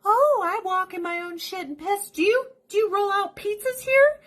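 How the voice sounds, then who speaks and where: A woman voicing a mischievous, entitled house cat in a high, whiny, mocking tone. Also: normal speed, fairly bright tone. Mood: sassy. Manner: high, whiny, sing-song mockery.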